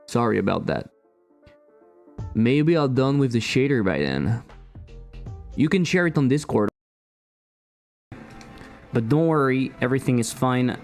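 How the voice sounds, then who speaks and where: A man with a French accent streaming as a game developer, excitable and self-mocking, swearing often as he talks through his work. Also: medium pitch, measured pace, pauses often, soft background music. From France. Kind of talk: casual live-stream commentary while coding.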